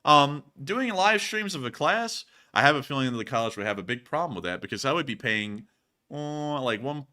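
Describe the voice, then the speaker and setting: A young man in his twenties hosting a casual live stream, joking and animated as he answers viewer questions. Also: medium pitch, normal speed. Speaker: host.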